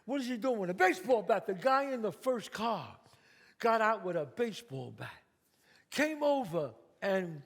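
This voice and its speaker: Dramatic New storyteller on stage. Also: male voice, high-pitched. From the Bronx, New York. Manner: vivid, dramatic, streetwise. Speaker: solo stage performer. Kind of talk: theatrical storytelling. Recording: stage reverb in a hall.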